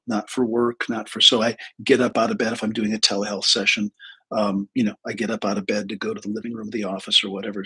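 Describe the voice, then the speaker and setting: A middle-aged man with a gravelly, rough, husky voice talks casually to his viewers. He rambles and pokes fun at himself, trailing off into fillers and starting sentences over. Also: on the low side, a bit bright, poor audio. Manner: rambling, self-deprecating, many fillers and restarts. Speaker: therapist and spiritual teacher. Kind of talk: casual livestream talk.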